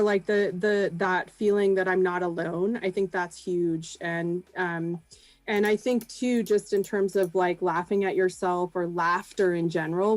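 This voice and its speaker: A woman guest chatting over a video call, middle-pitched and unhurried. She pauses on lots of ums and slips in soft laughs. The sound is close and dry, with no room around it. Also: dry recording, poor audio. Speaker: guest, improv performer and business founder. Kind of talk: casual podcast chat.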